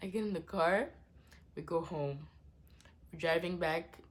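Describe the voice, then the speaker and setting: A young woman telling a dramatic personal story in a casual vlog, swinging from hushed asides to loud exclamations. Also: fairly low pitch, measured pace. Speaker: vlogger.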